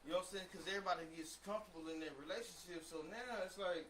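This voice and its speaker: Earnest man with a bright voice. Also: high voice, very fast, a little hiss or hum, rough recording. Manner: earnest, explaining at length with asides. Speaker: panelist. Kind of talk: casual group discussion.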